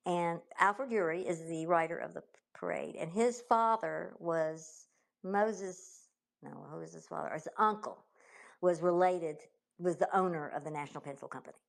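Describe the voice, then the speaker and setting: A woman's voice: fairly low pitch, normal speed, vocal fry. A woman with a Southern US accent, a guest in an interview, telling events emphatically and often restarting her sentences. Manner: emphatic, restarts and repeats herself. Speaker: guest, author. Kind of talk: conversational interview storytelling.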